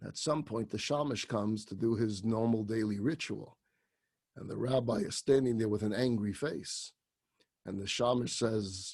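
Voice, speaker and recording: A rabbi telling a story in a sermon, animated and dramatic. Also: male voice, medium pitch, moderate pace, slightly rough.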